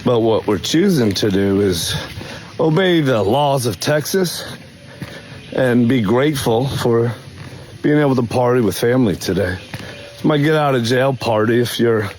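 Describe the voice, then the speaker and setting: A man filming a hype-filled vlog as a fitness influencer, pumped up and jumping around in pitch. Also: lively intonation, measured pace, a little mellow, slight background noise. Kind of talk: hype self-filmed vlog.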